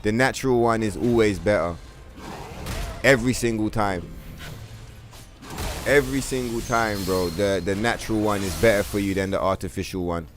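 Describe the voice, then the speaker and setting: A man's voice: fairly low pitch, normal speed, long pauses. Foul-mouthed male streamer, rambling. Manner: profane, rambling rant, heavy on "bro" and "like". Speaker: streamer playing a video game. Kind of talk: casual livestream commentary.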